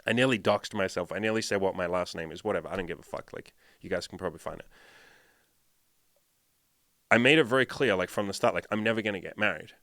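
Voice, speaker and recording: A man's voice: deep voice, fast talker, a bit bright, no room sound, studio quality. A man who is a dating coach, talking bluntly and emphatically in a casual podcast monologue, swearing often. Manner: blunt, heavily profane, emphatic.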